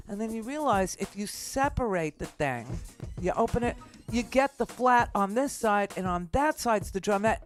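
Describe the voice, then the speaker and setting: A woman radio host telling a casual, self-mocking kitchen story with animated asides. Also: mid-range voice. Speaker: radio talk show host.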